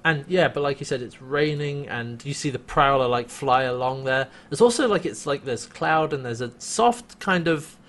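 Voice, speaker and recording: Casting: male podcast co-host, casual and animated, laughs a lot as he recaps. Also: mid-range voice, moderate pace, hardly any pauses. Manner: animated, laughs often, acts out quoted lines.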